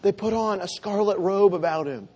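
Male preacher, high-pitched, earnest and emphatic, delivering a scripture sermon. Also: moderate pace, a little mellow, breathy edge. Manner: earnest, emphatic, dropping low for solemn lines.

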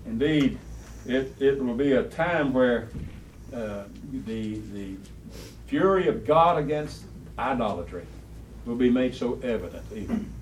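A man's voice: medium pitch, lively intonation, measured pace. A man teaching a Bible study class, quizzing the students and repeating key phrases with emphasis. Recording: roomy, distant, faint room noise.

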